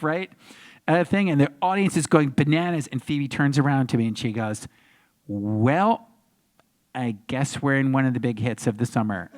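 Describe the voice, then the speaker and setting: Male actor guest at a convention panel, somewhat high voice, animated storyteller who acts out crowds. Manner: acts out crowds and voices, big pitch jumps.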